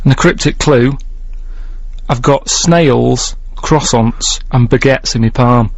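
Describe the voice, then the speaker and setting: A man on a radio show gives quiz clues in a rambling, halting, deadpan way. His mid-pitched voice sounds dry and close. The recording is a little dull and muffled. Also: gravelly, no echo. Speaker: radio quiz segment presenter. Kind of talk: casual radio banter.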